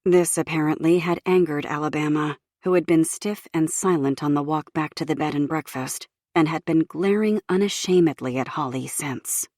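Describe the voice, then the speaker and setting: A woman narrating an audiobook in a measured, even storytelling manner from a recording booth. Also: low voice, no echo, clean studio sound.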